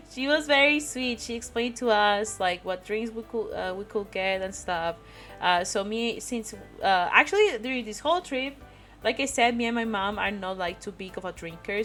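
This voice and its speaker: A woman from Spain with a Spanish accent, casually telling a rambling story on stream and often breaking into giggles. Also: mid-range voice. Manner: rambling, giggly, frequent laughter.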